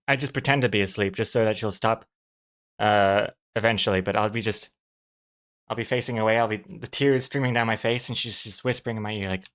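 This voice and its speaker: A man's voice: fairly low pitch, fairly even intonation, a little fast, fairly bright tone. A man streaming as a comic artist, joking around in a mock self-pitying way with his partner. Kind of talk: casual stream banter.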